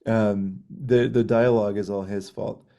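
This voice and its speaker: A man co-hosting a film podcast, speaking in a casual, halting way with plenty of ums and restarts. His voice sits low and sounds warm and mellow. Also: fairly even intonation, vocal fry. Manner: hesitant, lots of ums and restarts.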